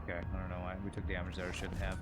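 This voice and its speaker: A man's voice: low voice, monotone, fast talker, loud music behind the voice. Chatty man streaming a game. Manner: chatty, answers viewer questions while playing. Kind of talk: casual gameplay commentary.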